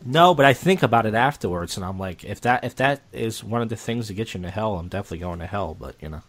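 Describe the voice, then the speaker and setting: A young man chats loosely on a podcast in a somewhat low voice, stumbling through restarts and fillers as he goes. He talks in a casual, unscripted way. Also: expressive. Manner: rambling, halting, many restarts and fillers. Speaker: podcast co-host.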